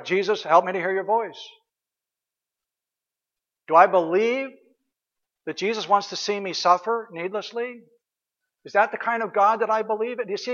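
A man's voice: high voice, a bit bright, muffled recording. A man preaching a sermon, asking his listeners questions and repeating short prayers over and over.

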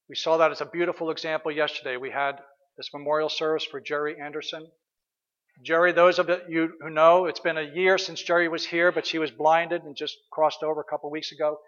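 A man's voice: on the high side, fairly bright tone, muffled recording. A man preaching a sermon as pastor, earnest and questioning, sometimes hesitating and restarting.

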